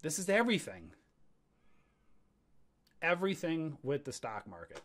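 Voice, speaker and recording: A man's voice: fairly high pitch, unhurried. Fired-up man ranting over stock charts. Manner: energetic, ranting, preacher-like calls for amen. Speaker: trading educator. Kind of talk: livestream webinar on stock charts.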